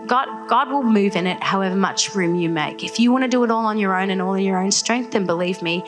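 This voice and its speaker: A woman's voice: mid-range voice, brisk. Young aussie woman telling a faith story to a crowd, chatty, says like a lot, music in the background. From Australia. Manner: animated storytelling, many filler "like"s. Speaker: guest speaker. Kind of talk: faith testimony told to a live audience.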